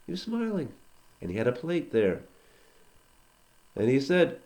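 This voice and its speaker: A man's voice: medium pitch, wildly swooping pitch, measured pace, long pauses, a little mellow. A man, a teacher, telling a story aloud to a children's class, conversational with asides to listeners.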